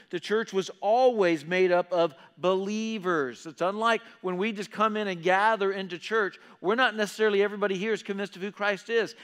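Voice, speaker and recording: High-voiced preaching man in a reverberant hall. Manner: animated preaching, acts out listeners' voices. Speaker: pastor. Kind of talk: sermon. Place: church auditorium. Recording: long reverb of a church hall.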